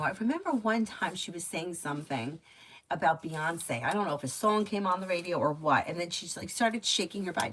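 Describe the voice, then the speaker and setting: A woman's voice: lowish voice, fairly bright tone, slight background noise, rough recording. A woman giving tarot readings on a casual live stream, chatty and advice-giving, with lots of filler words. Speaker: tarot reader.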